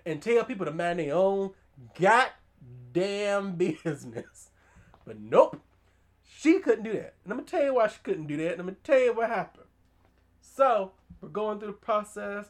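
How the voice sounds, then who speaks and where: A woman hosting a podcast, recapping a horror movie in casual chat, animated and emphatic, with slang and side comments. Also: medium pitch, a little fast. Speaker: podcast host.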